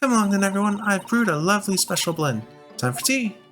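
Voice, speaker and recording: Sweet, sing-song young girl in a game, high and bouncy, read by a man. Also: animated, quick pace, a bit bright, faint music behind.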